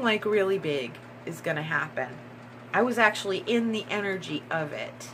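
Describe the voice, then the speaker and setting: A woman giving a tarot reading in a slow, musing way, repeating herself and breaking into excited bursts. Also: medium pitch, background noise. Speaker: tarot reader.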